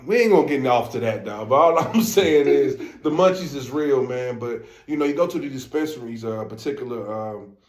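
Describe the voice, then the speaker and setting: A man's voice: mid-range voice, expressive, fairly quick, darkish tone. Laid-back St. Louis man, echoey room. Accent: St. Louis African American Vernacular English. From St. Louis, USA. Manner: laid-back, slangy, lots of fillers. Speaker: podcast co-host. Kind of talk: casual podcast chat.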